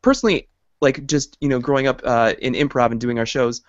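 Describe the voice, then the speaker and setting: A man's voice: medium pitch, steady tone, fairly quick, dry recording. A man hosting a podcast, chatting casually with lots of fillers and easy laughs. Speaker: podcast host. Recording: dry, dull lo-fi audio.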